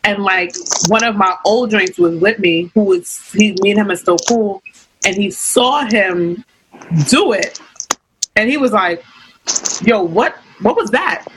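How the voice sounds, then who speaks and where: A woman's voice: medium pitch, measured pace, background noise. A young woman telling a personal story in casual chat, acting out what others said. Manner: candid storytelling, acts out quotes.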